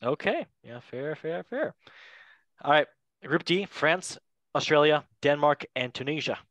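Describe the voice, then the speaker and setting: A young man hosting a casual football podcast, playful and quick to laugh, with goofy asides. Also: a little high, lively intonation, fairly bright tone, no room sound. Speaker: podcast host.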